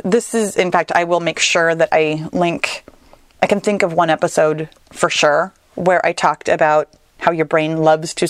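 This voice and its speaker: Animated woman podcaster, dry close sound. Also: mid-range voice, no room sound. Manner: conversational, animated, with playful asides. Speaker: podcast host. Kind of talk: solo podcast talk.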